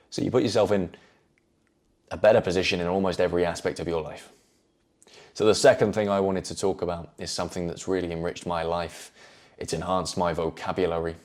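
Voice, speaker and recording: A man giving a measured, earnest motivational talk, repeating phrases for emphasis. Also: sits low, darkish tone. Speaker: self-improvement video host.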